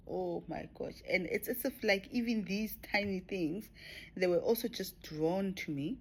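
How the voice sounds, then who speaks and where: A woman talking to camera about her spiritual experiences in a reflective way, often dropping to a soft whisper. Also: lowish voice, unhurried, vocal fry. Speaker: spiritual vlogger. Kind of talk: personal spiritual talk to camera.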